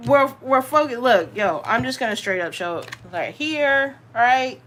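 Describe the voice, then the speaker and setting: A woman with a Southern US accent, hosting a live tarot reading. She talks in an animated, slangy way, straight to her viewers. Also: sits high, normal speed, slight background noise. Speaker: tarot reader, channel host.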